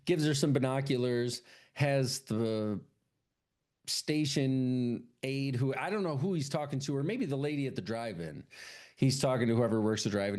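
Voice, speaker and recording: A man co-hosting a podcast, talking through a horror film in loose, profane chat. His voice sits at a middling pitch. Now and then he acts out the characters in quick, high put-on voices. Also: a little mellow. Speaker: podcast co-host. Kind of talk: casual chat recapping a film.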